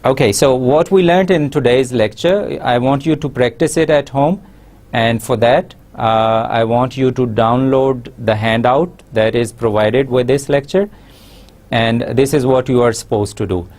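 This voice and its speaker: A man giving a recorded university lesson, explaining slowly with many pauses and fillers. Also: mid-range voice, a little mellow. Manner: slow, explanatory, frequent uh fillers. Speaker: English lecturer.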